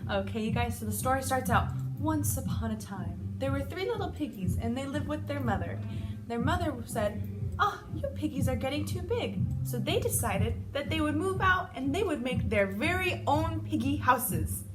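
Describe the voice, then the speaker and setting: A woman who works as a children's gym instructor, reading a storybook aloud for kids in an animated, sing-song manner. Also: sits high, moderate pace, over loud music.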